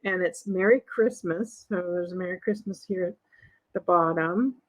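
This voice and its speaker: A woman's voice: on the low side, normal speed, poor audio. A woman hosting a casual show-and-tell video of vintage paper collectibles. She chats to the camera, laughs often and keeps asking viewers questions. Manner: laughs often, light and upbeat. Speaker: vintage ephemera seller and channel host.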